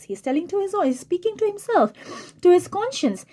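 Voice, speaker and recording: A woman's voice: very high voice, very animated, fairly quick, warm tone. A woman teacher giving a literature lesson, explaining a play line by line and often repeating and rephrasing her words.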